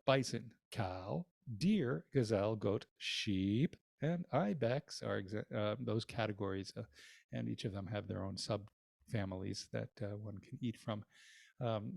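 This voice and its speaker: A cantor teaching an introductory class in a casual way, with many ums and uhs and wry asides. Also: male voice, on the low side, vocal fry, a little mellow, no echo. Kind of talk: recorded lecture with slides.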